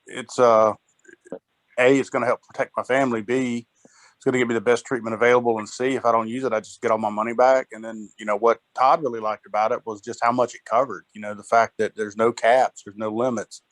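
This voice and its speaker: A man's voice: mid-range voice, flat delivery, quick pace, no room sound, poor audio. A man on a sales team call, speaking in a rambling way full of fillers. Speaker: sales agent. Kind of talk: team call, casual chat.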